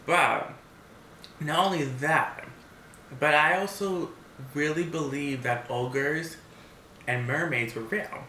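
Bright-voiced man rambling in a roomy echo. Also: a little high, slow pace, pauses often, a little hiss or hum. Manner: rambling storyteller, many restarts and fillers. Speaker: mukbang vlogger. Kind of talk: casual chat. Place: home, seated eating at a table.

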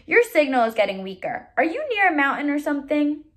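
A woman's voice: sits high, big pitch swings, a little fast, pitched above the performer's own voice. A woman reading aloud voices a nerdy, matter-of-fact genius boy.

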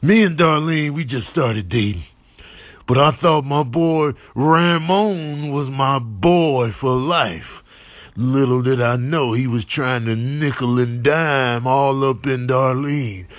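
A man's voice: slow pace, no room sound, close to an everyday voice. A man voicing a seething, jilted male bird. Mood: bitter. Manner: low, seething, grumbling rant. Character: angry, heartbroken male bird.

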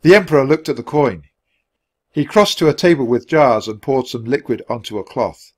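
A man narrating a children's book aloud with clear, steady narration for learners. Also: medium pitch, normal speed. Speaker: storybook reader.

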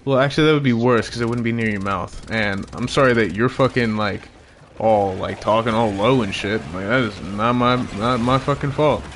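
A young man streaming a game with viewers, chatting casually, cursing often and shouting when excited. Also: medium pitch, normal speed, slight background noise. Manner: profane, joking, bursts of excited shouting. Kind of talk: casual gaming livestream chat.

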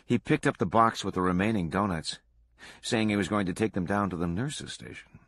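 A man reading a true crime book aloud to a book club in a steady, measured way. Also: fairly low pitch, no echo.

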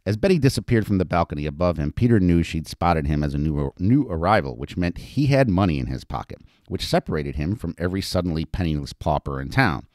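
A man narrating an audiobook in an expressive storytelling manner. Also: low-pitched, fairly quick, hardly any pauses, dry recording, studio quality. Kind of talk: scripted narration.

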